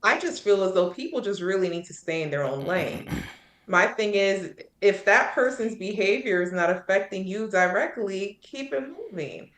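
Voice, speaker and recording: A woman's voice: mid-range voice, lively intonation, normal speed, a bit bright, echoey room. A woman on a podcast panel in casual debate, arguing assertively point by point.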